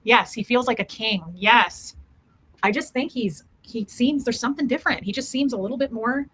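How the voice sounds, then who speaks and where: A woman with a bright, fairly high voice chats casually on a livestream, greeting viewers one after another by name. Her talk rambles with friendly asides and loose trailing thoughts. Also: normal speed, slightly rough.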